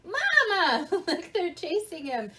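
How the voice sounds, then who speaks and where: A woman reading a children's storybook aloud in an interactive read-along, animated, asking the listener questions and explaining words simply. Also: high voice, unhurried, noisy background.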